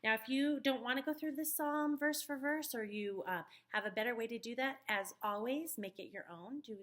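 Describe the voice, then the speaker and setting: A woman talks volunteer teachers through a week's lesson plan in a relaxed, chatty way, pausing on ums as she goes. She records the briefing herself at home on a webcam or computer mic. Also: a little high. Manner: friendly, talks teachers through steps with many fillers. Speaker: children's ministry leader. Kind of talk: casual instructional video briefing. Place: at home, dog nearby.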